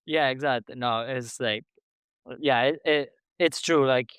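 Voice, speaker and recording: Man hosting a faith podcast, halting. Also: medium pitch, a bit bright, clear, resonant tone, no echo. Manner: halting, many restarts and fillers. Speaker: podcast host. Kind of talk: conversational interview.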